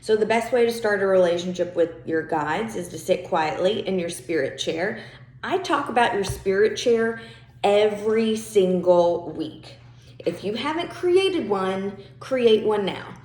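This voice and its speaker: A woman's voice: medium pitch, animated, measured pace, a little mellow. Woman coaching in a roomy echo. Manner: conversational, checks in with listeners with "okay?" and "right?". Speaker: spiritual coach and podcast host. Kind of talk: casual spiritual coaching talk.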